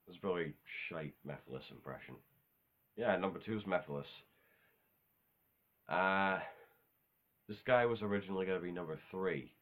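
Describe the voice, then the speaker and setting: A man's voice: sits low, moderate pace, pauses often, a bit bright. A man talking in a casual, unscripted monologue, rambling offhand with self-corrections and casual swearing. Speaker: video host ranking game villains.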